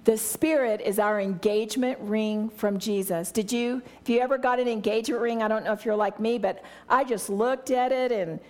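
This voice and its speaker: A woman's voice: a little high, moderate pace, hardly any pauses, darkish tone. A middle-aged woman teaching a Bible study with eager enthusiasm, acting out small scenes as she explains. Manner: enthusiastic, exclamatory; acts out little scenes with voices.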